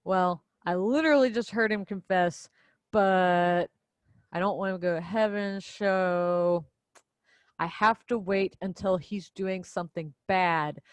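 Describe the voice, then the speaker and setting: A woman's voice: fairly low pitch, unhurried, clear, resonant tone, no echo, natural voice. A woman voicing a blunt, vengeful young prince in a casual class summary. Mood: scheming.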